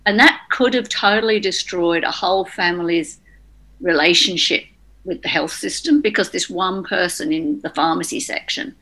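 Bright-voiced woman. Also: fairly low pitch, moderate pace. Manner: practical, frank, telling an example. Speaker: group participant. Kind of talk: casual group discussion.

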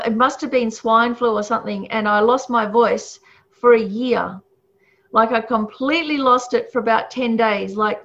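A woman teaches in a loose, conversational way, with frequent laughs and many fillers. Her voice sits a touch high. The recording sounds dull and lo-fi. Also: a bit bright. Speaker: Buddhist teacher. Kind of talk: casual teaching talk. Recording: muffled lo-fi recording.

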